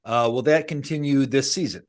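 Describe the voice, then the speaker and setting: A man's voice: medium pitch, fairly quick. A man hosting a casual podcast interview, laughing often and giving short, encouraging replies. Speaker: podcast host.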